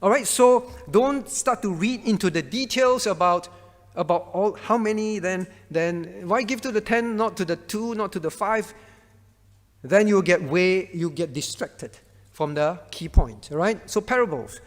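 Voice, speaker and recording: High-voiced pastor teaching a class. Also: male voice, unhurried, in a large hall. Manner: questions the class by name, emphatic repetition.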